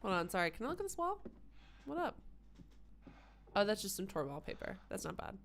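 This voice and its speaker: A woman's voice: medium pitch, very animated, a little fast, creaky, fairly bright tone, slight background noise. A woman streaming a horror game and talking through it in a rambling, sarcastic way, swearing freely. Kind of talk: casual gameplay commentary.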